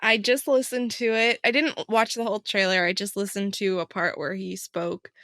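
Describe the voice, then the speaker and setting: A woman co-hosting a podcast in casual chat, wry and quick to laugh. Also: mid-range voice, fairly even intonation, a bit bright, dry recording, studio quality. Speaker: podcast co-host.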